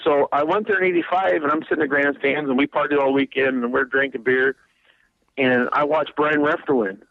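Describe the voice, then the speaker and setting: A man's voice: a little high, fairly even intonation, brisk, dry recording, phone-quality sound. A race car driver in his fifties, from Wisconsin, telling a long rambling story in a radio interview, laughing and repeating words as he gets going.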